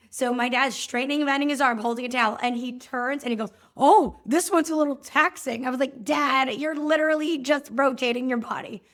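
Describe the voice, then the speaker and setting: A woman hosting a podcast, telling a story in a lively way and acting out both sides of the conversations. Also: sits high. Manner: animated, acts out both sides of dialogues. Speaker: podcast host and movement coach. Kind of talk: storytelling monologue.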